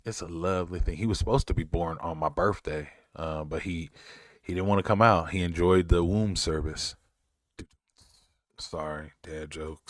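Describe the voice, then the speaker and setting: Low-voiced man chatting loosely on stream. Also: smooth, no room sound, studio quality. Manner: rambling, chuckling, self-mocking dad jokes. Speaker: streamer reading live chat. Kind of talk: casual livestream chat.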